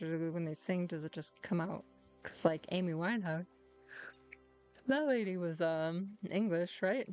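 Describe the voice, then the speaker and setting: A woman's voice: lowish voice, creaky, a little mellow. A woman streamer chatting casually with viewers as she plays, in a put-on Irish accent mixing Dublin with a hint of American, swearing freely and talking to her cat. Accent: put-on Irish, Dublin-ish with a hint of American. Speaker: game streamer. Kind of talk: casual gameplay chat with viewers.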